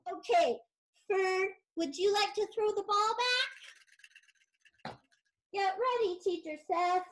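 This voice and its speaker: A woman teacher telling a puppet story to children in a very high, slow, gentle voice. She has a childlike sing-song delivery and talks over a video call.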